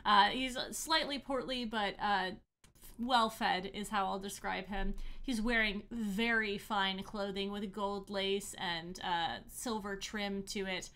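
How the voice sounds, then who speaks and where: A woman's voice: medium pitch, steady tone, slow, a bit bright, smooth. A woman narrating a tabletop game as game master, casually, with many fillers.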